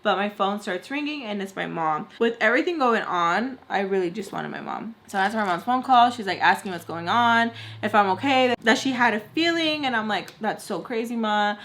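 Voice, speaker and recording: Speaking briskly at medium pitch with hardly any pauses, a young woman beauty vlogger recounts a storytime as she applies makeup. She rambles animatedly, says "like" constantly, and slips in Spanish words.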